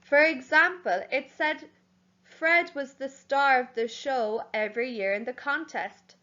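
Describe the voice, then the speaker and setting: A woman primary school teacher giving a home learning lesson, spelling words out slowly letter by letter. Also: high voice, fairly bright tone, muffled recording.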